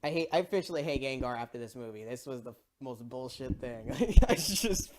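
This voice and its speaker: A movie reviewer in a casual ranting review, excitable and exasperated, swearing and repeating "bro". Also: medium pitch, brisk, gravelly, hardly any pauses, slight background noise.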